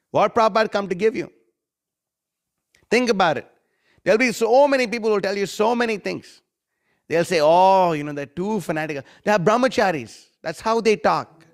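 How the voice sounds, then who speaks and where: High-voiced man preaching with rhetorical questions. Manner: quotes critics in a mocking voice; recites Sanskrit verses. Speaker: devotional class speaker. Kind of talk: scripture class lecture.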